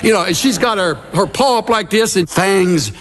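A man's voice: high-pitched, moderate pace, noisy background. A middle-aged man preaching a conversational sermon as a pastor, telling stories and acting out little scenes with gasps and asides. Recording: long reverb of a large hall.

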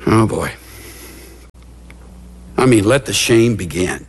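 A man's voice: lowish voice, lively intonation, slow, long pauses, a little hiss or hum. A middle-aged man preaching a conversational sermon as a pastor, telling stories and acting out little scenes with gasps and asides. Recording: long reverb of a large hall.

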